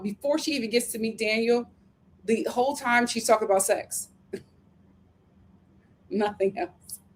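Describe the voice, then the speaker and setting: Woman host, sassy recap chatter, bit high-pitched, laughs through it. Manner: sassy, animated, laughs often. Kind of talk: casual recap chat.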